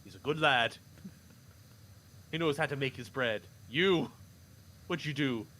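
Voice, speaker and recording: A man voicing a gruff, stern peasant father who scolds and mocks his son. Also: medium pitch, measured pace, pushed and bright, a little hiss or hum, pitched below the performer's own voice. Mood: lecturing.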